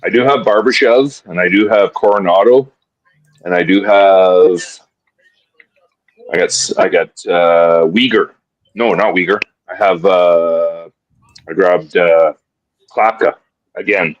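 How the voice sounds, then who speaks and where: Chatty excitable man, dry close sound. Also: deep voice, slow pace, pauses often, dry recording, dull audio. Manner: excitable, chatty, laughs often. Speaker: co-host of betting show. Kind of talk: casual live betting chat.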